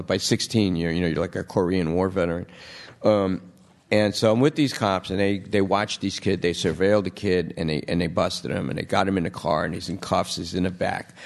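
A man who is a novelist and TV writer, telling an animated story as the guest at a live public talk, full of fillers, restarts and acted-out voices. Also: deep voice, gravelly. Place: stage at a public event before an audience.

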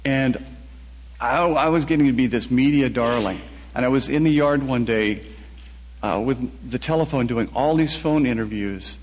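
A soft-spoken man being interviewed about his writing, telling a personal story with a husky voice and halting restarts. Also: mid-range voice, muffled recording. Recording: long hall reverb.

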